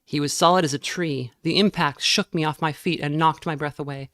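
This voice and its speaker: A woman reading a novel aloud in a measured way, now and then stumbling and correcting herself. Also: sits low, steady tone, a bit bright, no echo, studio quality. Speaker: reader.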